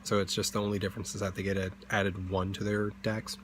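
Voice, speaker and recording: A man's voice: low-pitched, little pitch movement, quick pace, a bit bright, slight background noise. A young man hosting a tabletop game channel, chatting casually in a rambling way, full of fillers and self-corrections. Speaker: D&D channel host.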